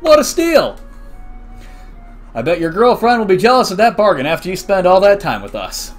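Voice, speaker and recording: A man voicing a hyped, salesy male ad announcer for an in-game advertisement, with loud, exaggerated emphasis. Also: high-pitched, big pitch swings, fast talker, faint music behind.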